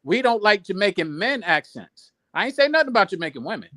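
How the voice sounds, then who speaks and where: A man's voice: high voice, big pitch swings, fast talker, pushed and bright, no echo, studio quality. A man in a casual group chat, insistent, stumbling over restarts.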